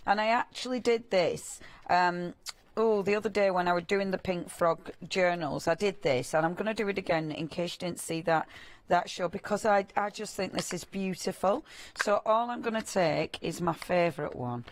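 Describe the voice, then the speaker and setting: A woman's voice: fairly low pitch, dry recording. A woman with a Northern English accent, chatting as she demonstrates stamping on a live craft shopping show. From Northern England. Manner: chatty, reminiscing, quick asides with laughs.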